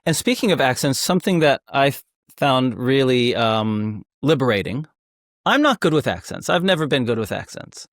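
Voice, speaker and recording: A man hosting a casual interview, relaxed and candid, open about what he is not good at. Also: mid-range voice, moderate pace, no room sound, studio quality. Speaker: host.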